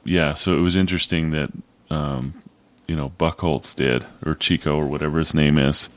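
Deep-voiced man musing hesitantly. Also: fairly even intonation, moderate pace. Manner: hesitant, with many fillers and restarts. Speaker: podcast co-host. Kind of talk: casual film discussion.

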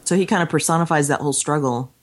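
A woman's voice: sits low, racing. A woman in casual podcast talk about a film, reading a printed speech aloud with expression. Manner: reads quotes aloud with expression. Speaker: podcast co-host.

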